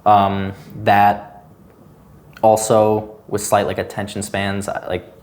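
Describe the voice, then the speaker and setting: A man's voice: fairly low pitch, completely flat delivery, slow pace, darkish tone. A young man chatting casually on a podcast, rambling loosely with lots of "like" fillers. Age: young adult. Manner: rambling, loose, heavy use of "like". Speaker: guest.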